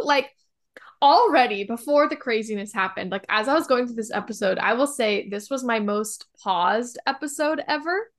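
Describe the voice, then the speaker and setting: A woman co-hosting a podcast in casual chat, excitable and flustered, swearing freely. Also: a little high. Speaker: podcast co-host.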